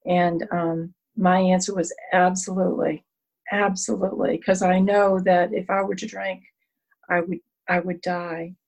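A woman sharing her own story at a recovery meeting, candid and self-deprecating, telling it with animated asides. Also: lowish voice, unhurried, vocal fry, poor audio. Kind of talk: personal sharing at a support meeting.

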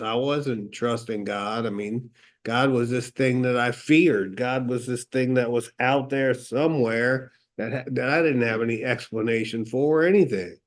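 A middle-aged man giving a candid personal testimony, telling his story with quoted dialogue, fillers and restarts. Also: mid-range voice. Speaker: recovery meeting speaker.

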